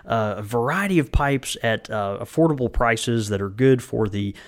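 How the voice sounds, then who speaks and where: A mid-voiced male podcast host chatting casually. His speech is halting and full of fillers and restarts, and he laughs easily while he reads a sponsor spot. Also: medium pitch.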